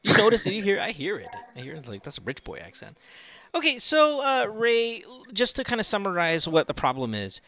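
Brash, lively-voiced male podcast host. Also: high voice, fairly quick. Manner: brash, crude and teasing. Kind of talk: call-in advice show banter.

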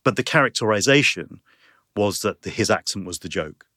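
A man, a guest comedian and actor, talking in an interview and telling lively anecdotes with plenty of fillers. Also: lowish voice, normal speed, no room sound, studio quality. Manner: lively anecdotes with many fillers, 'you know' and 'um'. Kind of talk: conversational interview storytelling.

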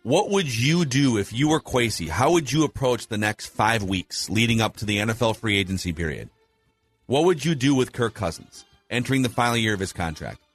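A man's voice: medium pitch, lively intonation, brisk, breathy edge, soft background music. A man hosting a casual sports talk show, laying out poll results and asking his co-host for views. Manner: analytical, runs polls and asks questions. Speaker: podcast host.

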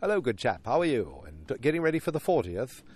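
A man's voice: mid-range voice, very animated, quick pace, a little mellow, slightly rough, pitched above the performer's own voice. A man voicing a pompous upper-crust British executive in a put-on British accent. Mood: jolly.

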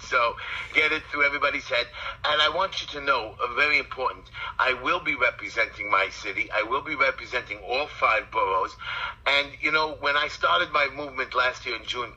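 A man's voice: mid-range voice, sharp tone, slightly rough, muffled recording. A middle-aged man with a Brooklyn accent, a city council candidate talking bluntly and in a rambling, streetwise way as a guest on a phone interview. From Brooklyn, New York.

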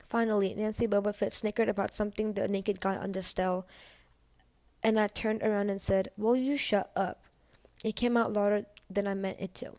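A woman's voice: mid-range voice, little pitch movement, a little fast, darkish tone, no echo. A woman reading a novel aloud in a casual, first-person storytelling way. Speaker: audiobook reader.

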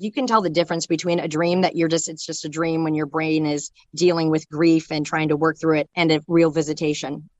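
A young woman recounts a painful personal memory, her speech halting and dotted with fillers and restarts. Her voice sits a little low for a woman. The recording is close and dry. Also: no room sound, highs cut off. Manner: halting, filler-heavy talk with many restarts. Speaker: storyteller sharing a personal loss. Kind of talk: emotional personal storytelling.

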